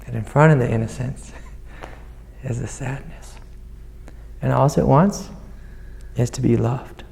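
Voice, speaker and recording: A man with a gravelly, mellow voice guides a student as a spiritual teacher. He speaks gently and soothingly, with a long reverb from the hall around him. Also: mid-range voice, slow. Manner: gentle, soothing, calls the listener sweetie. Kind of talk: satsang guidance to a student.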